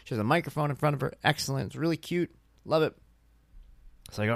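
A man's voice: mid-range voice, fast talker, long pauses, dry recording, studio quality. A tired man hosting his own podcast, chatting casually and acting out family conversations as he tells them. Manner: animated storyteller, acts out dialogue. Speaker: podcast host. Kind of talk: casual solo podcast monologue.

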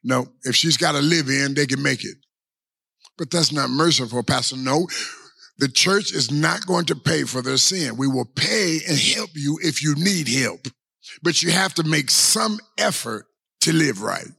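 Gravelly-voiced preacher man, bright and husky. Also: fairly high pitch, lively intonation. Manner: preaching with long drawn-out pauses and repeated rhetorical questions. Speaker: pastor. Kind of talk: sermon.

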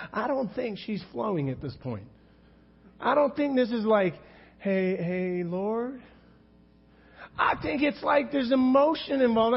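Male preacher, high husky voice, conversational sermon full of audience appeals, dull lo-fi sound. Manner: conversational, rhetorical, appeals to the congregation. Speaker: pastor.

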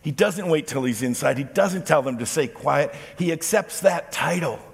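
Male pastor mid-sermon, slightly husky voice pitched a bit high, echoing through a large church hall. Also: normal speed. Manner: expressive preaching, voicing quoted speech.

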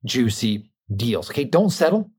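A man's voice: medium pitch, very animated, normal speed, darkish tone, slightly rough. A man hosting a podcast, giving a motivational business talk in an emphatic way, repeating words for stress and shifting his pace a lot. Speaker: podcast host and coach.

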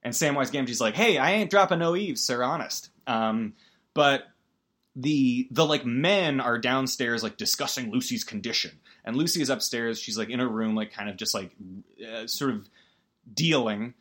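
A man's voice: medium pitch, normal speed, a bit bright. A man giving a casual, rambling movie recap as a podcast host, full of fillers and wry emotion.

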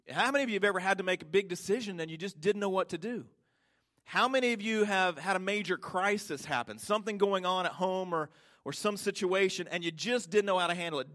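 A male pastor delivers an emphatic sermon in a voice that sits a little high for a man. He keeps asking his congregation questions. He stretches important words out slowly so each point lands. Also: a bit bright.

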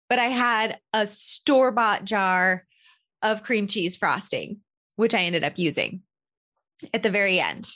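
A woman hosting a podcast, candidly telling a personal story as a parent in an animated, self-deprecating way. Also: a little high. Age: adult parent. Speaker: podcast host.

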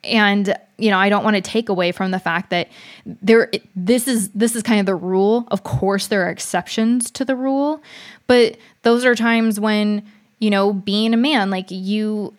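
A young woman telling a personal story in a casual, frank monologue, chatty with many fillers and restarts. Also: medium pitch. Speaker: vlogger.

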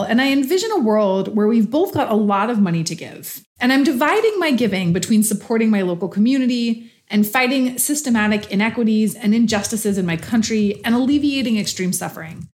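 A woman's voice: medium pitch, close to an everyday voice. A woman reading the part of a skeptical challenger who questions a utilitarian in a scripted philosophical dialogue, probing and doubtful.

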